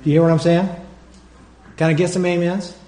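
A man preaching a sermon as pastor, animated, acting out his own prayers and calling out to the congregation for responses. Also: on the high side, brisk, echoey room.

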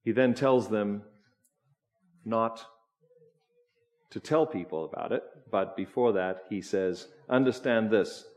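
A man preaching a sermon, slow and emphatic, asking the congregation questions as he goes. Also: lowish voice, lively intonation, darkish tone. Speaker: pastor.

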